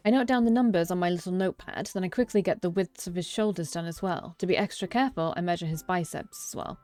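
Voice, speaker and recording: A young woman with a fairly low voice reads a visual novel aloud, voicing the first-person narrator. She keeps stumbling and correcting herself, then drops into playful, swearing side comments. Soft music plays faintly underneath. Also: fast talker, hardly any pauses, no room sound. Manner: breaks off narration for joking, swearing asides; restarts and self-corrections while reading. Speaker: let's play streamer.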